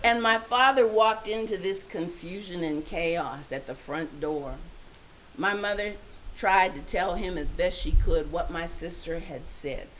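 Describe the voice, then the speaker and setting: An older woman telling a family story live, expressive and laughing often. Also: on the low side, a little slow, a little hiss or hum.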